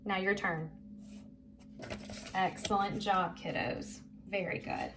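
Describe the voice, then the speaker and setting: A woman leads young children through a phonics lesson, slow and encouraging as she draws out each word for them to repeat. Her voice sits at a middle pitch. A faint hiss runs under the recording. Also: very animated. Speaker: teacher. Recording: faint background noise.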